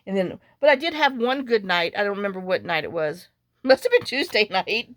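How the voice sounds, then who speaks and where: A woman's voice: medium pitch, very animated, brisk, fairly bright tone, no room sound, clean studio sound. A woman vlogger chatting casually while making a journal, rambling through stories and muttering to herself as she works. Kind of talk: casual chat while crafting.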